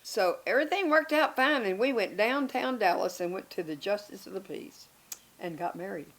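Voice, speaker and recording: Older woman guest, lively storyteller, laughs easily, mid-range voice. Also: medium pitch, moderate pace. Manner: lively and self-mocking, laughing between lines. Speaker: interview guest. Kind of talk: candid storytelling chat.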